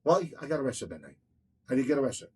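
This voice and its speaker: A man telling a story in a casual interview, profane and excitable, repeating himself as he goes. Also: medium pitch, quick pace, slightly rough. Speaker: restaurant owner telling his story.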